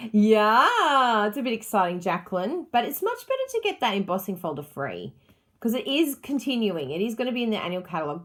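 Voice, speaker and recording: A woman's voice: a little high, a bit bright. A woman hosting a crafting livestream, chatting casually and gushing with enthusiasm over her supplies.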